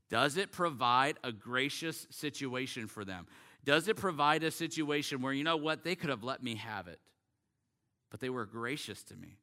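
A man preaching a sermon as a pastor, earnest and emphatic, slowing down to stress scripture. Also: medium pitch, pushed and bright.

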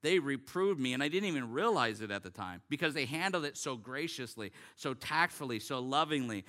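A male pastor delivers a sermon with an earnest, emphatic manner. His voice is bright and forceful, sitting at an ordinary middle pitch. He draws out the scripture readings slowly for weight.

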